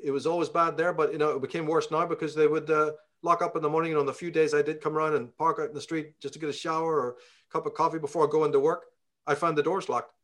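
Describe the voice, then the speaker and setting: A man's voice: fairly high pitch, little pitch movement, fast talker. A man from Belfast with a Northern Irish accent, telling a story in a casual interview, profane and heated as he rants. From Belfast, Northern Ireland.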